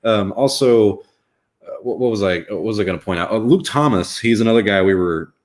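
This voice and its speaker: A man's voice: fairly low pitch, a little fast. A young man hosting a live reaction stream, talking casually in a rambling, wry way with lots of fillers. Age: young adult.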